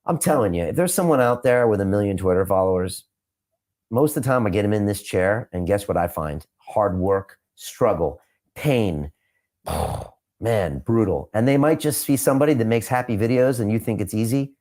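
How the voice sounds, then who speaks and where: A man answering interview questions, emphatic and repeating his points for punch, sometimes turning quiet and reflective. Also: fairly low pitch, animated, moderate pace. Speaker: podcast host being interviewed.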